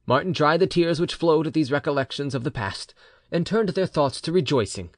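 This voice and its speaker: Expressive male audiobook narrator. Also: a little high, brisk, dry recording, studio quality. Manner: expressive storytelling delivery. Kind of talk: scripted narration.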